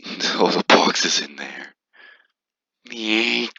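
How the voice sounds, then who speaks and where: A man's voice: extremely low pitch, fairly even intonation, measured pace, bright, forceful tone, no echo. Man, teasing gameplay commentary, dry close sound, dull lo-fi audio, giggly, mutters and hums. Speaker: gaming video creator.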